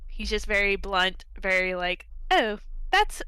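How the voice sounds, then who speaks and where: A woman's voice: medium pitch, big pitch swings, measured pace, pushed and bright, clear, resonant tone, no echo. A woman chatting in a casual book club, enthusiastic and rambling, laughing easily.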